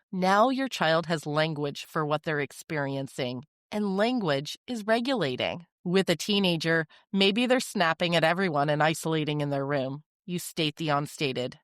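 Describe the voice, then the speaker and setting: A woman hosting a parenting podcast, giving measured, reassuring instructional talk. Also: deep voice, expressive, dry recording, clean studio sound.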